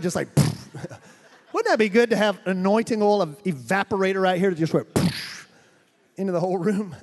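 A man with a strikingly high voice preaches in a church hall, his words trailing into long reverb. He tells missionary stories with animated energy, laughing often and mimicking sounds. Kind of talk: storytelling sermon.

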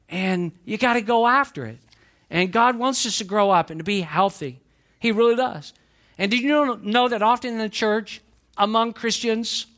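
Southern male pastor, high tenor, emphatic pulpit delivery that rises and drops. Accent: Southern American. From Southern United States. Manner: emphatic preaching, swinging between raised exhortation and quiet asides. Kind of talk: sermon. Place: church sanctuary.

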